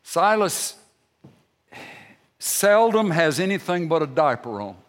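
A man's voice: a little high, big pitch swings, takes it slowly, long reverb tail. An older man, a grandfather, preaching a sermon with folksy storytelling and emphatic peaks. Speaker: pastor.

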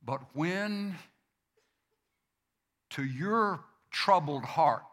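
A male pastor delivering a sermon at a slow, measured pace. His voice sits a little high and sounds bright and forceful. He leans on repeated phrases to drive points home. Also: animated. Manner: slow, deliberate preaching with emphatic repetitions.

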